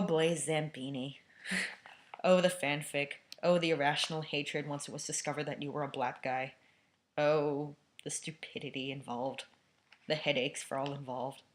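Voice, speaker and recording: A woman reading a novel aloud with casual, laughing asides. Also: deep voice. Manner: laughs often, casual commentary. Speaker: amateur reader.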